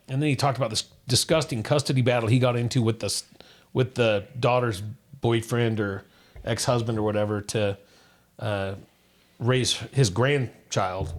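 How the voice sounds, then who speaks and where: A middle-aged man from Utah, co-hosting a podcast and telling a personal story in an earnest, rambling way, full of restarts. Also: medium pitch. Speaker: podcast co-host. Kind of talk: casual chat, personal story.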